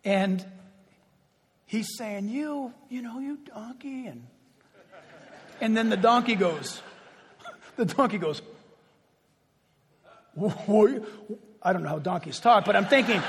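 A male pastor preaching a sermon with animated storytelling and chuckling asides, in a church hall. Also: high-pitched, unhurried, pauses often, a little hiss or hum. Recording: echoey hall.

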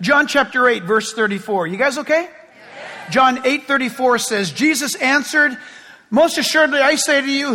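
A man preaching a sermon as pastor, talking conversationally and joking, swinging between loud and hushed. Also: very high voice. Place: church sanctuary. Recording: long hall reverb.

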